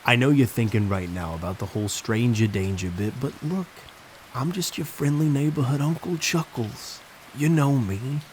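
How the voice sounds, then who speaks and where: A man's voice: mid-range voice, moderate pace, darkish tone, a little hiss or hum, natural voice, poor audio. A man voicing a creepy male party clown with a thick New York accent, coaxing and wheedling.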